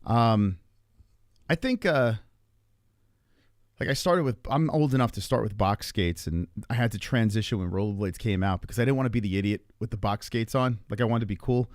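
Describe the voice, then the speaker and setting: A man in his forties telling a long story to his stream chat in a rambling, profane, animated way. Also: on the low side, moderate pace, no room sound, clean studio sound. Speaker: live streamer.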